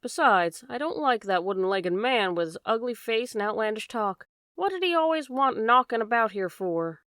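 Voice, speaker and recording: A woman's voice: on the high side, animated, normal speed, fairly bright tone, clear, resonant tone, dry recording, studio quality. A woman voicing an anxious, chatty boatman's wife, in an audiobook. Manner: homely, dropped endings, worried run-on talk.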